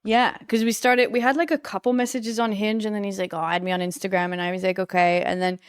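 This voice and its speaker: A woman telling a dating story in a casual chat, animated and swearing freely. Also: medium pitch, fast talker, clear, resonant tone, dry recording, studio quality. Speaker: guest.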